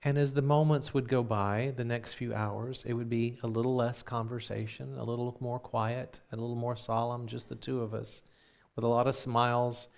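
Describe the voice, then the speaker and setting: A man who is a minister, telling a personal story in a sermon and acting out the dialogue with lively voices. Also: medium pitch, gravelly. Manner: turns quiet and reflective when preaching.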